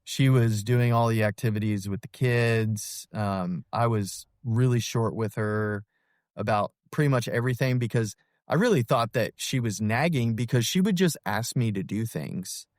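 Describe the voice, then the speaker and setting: A man in his thirties telling his personal story as a podcast guest, earnest and halting, with many fillers and restarts. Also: medium pitch, no echo, studio quality. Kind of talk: personal testimony in an interview.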